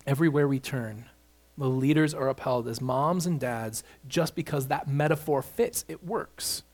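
A man's voice: mid-range voice, moderate pace. A man preaching an expository sermon, building emphasis on key points as he walks through scripture. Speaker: pastor.

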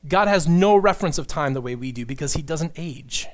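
A man's voice: on the high side, fairly quick. Earnest man preaching a sermon. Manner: earnest, animated preaching with asides. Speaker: pastor.

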